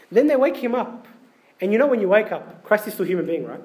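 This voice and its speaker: High-voiced man preaching conversationally. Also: expressive, quick pace, a little mellow. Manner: conversational preaching with rhetorical questions. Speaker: priest. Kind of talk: sermon.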